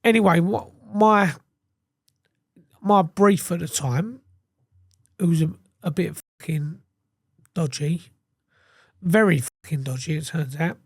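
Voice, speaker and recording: English man, fairly high voice, dry close sound, sweary candid storytelling, interview guest. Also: takes it slowly, pauses often, slightly rough, no room sound. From England. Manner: casual, heavy swearing, acts out quoted speech.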